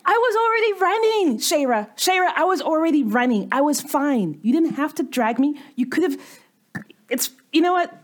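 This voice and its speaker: A woman's voice: sits high, expressive, normal speed, pitched above the performer's own voice. A woman voicing a fussy young woman adventurer who stammers and scolds primly. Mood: indignant scolding.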